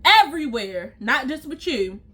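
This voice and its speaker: A woman's voice: high voice, sing-song, moderate pace, sharp tone, slightly rough. A young woman telling a storytime to her viewers, blunt, profane and exasperated, talking straight to her audience. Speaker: storytime vlogger. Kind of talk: casual storytime rant to viewers.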